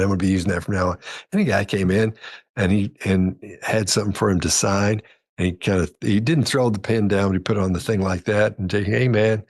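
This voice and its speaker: Husky-voiced man telling stories casually. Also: lowish voice. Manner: rambling, self-correcting, acts out quoted dialogue. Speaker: podcast guest. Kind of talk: casual storytelling chat.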